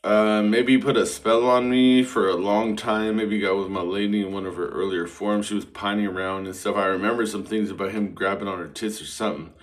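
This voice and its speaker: A man's voice: fairly low pitch, fairly even intonation, fairly quick, hardly any pauses. A man talking in a rambling, stream-of-consciousness monologue, casual and profane, full of fillers and restarts. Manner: casual, filler-heavy, self-interrupting.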